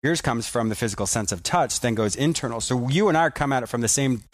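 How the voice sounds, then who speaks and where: A man's voice: medium pitch, quick pace. A man hosting a conversation, thinking aloud through his points with frequent restarts. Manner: reflective, explains in searching restarts. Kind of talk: conversational interview.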